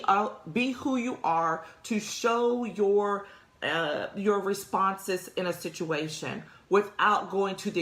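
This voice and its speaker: Lower-voiced woman in an echoey room. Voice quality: conversational, addresses listeners directly, laughs often. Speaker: career talk show host. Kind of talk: casual motivational talk to an audience.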